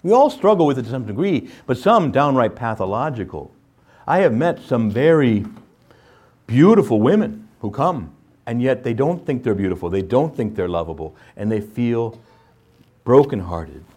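A man teaching scripture in a lively sermon style, often checking in with "right?" and acting out playful voices. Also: medium pitch, normal speed. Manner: animated, jumps into playful voices, asks "right?".

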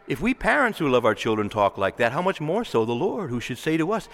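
A man preaching a sermon with impassioned delivery, moving between raised pleading and hushed earnestness. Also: a little high, big pitch swings, fairly quick, few pauses, in a large hall.

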